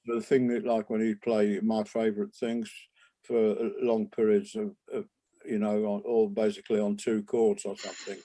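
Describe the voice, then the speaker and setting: An older man, a jazz trumpeter, reminiscing in a relaxed interview, rambling with many restarts and asides. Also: lowish voice, normal speed. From England.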